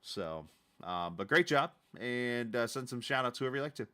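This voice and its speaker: A man hosting a sim racing broadcast, interviewing the winner in a chatty, halting way with easy jokes. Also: mid-range voice, lively intonation, pushed and bright, clear, resonant tone. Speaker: broadcast host.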